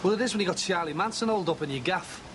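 A man's voice: high voice, animated, very fast. A blunt, impatient man. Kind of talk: TV soap acting. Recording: outdoor take, loud traffic.

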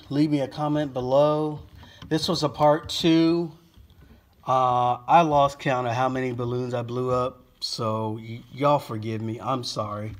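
A man vlogging to camera, out of breath and lightheaded, gushing and sighing between phrases. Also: mid-range voice. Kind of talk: casual talk to camera.

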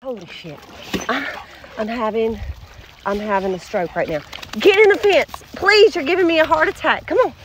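A woman's voice: high-pitched, lively intonation, normal speed, slight background noise. A woman filming a casual vlog outdoors on her farm, talking to her animals and often exclaiming. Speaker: farm vlogger.

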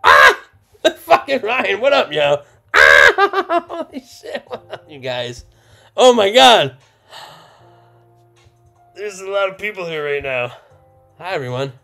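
A young man live-streaming a card opening, loud and swearing, laughing and shouting with excitement. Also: sits high, takes it slowly, gravelly, long pauses, soft background music. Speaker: streamer opening trading cards.

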